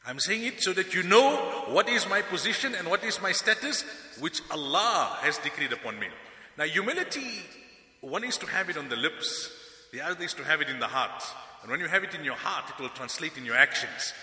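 A man's voice: on the high side, fairly quick. A man giving a sermon as a preacher, telling stories with animation and acting out the people he quotes. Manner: animated storytelling, acts out quoted speakers. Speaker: Islamic preacher. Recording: echoey hall with long reverb.

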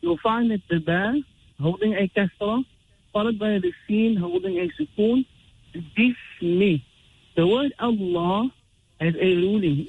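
A man teaching Quran recitation rules, explaining slowly and chanting drawn-out example verses. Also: sits high, gravelly, slight background noise. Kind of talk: tajweed lesson with recited examples. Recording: tinny phone-like radio sound.

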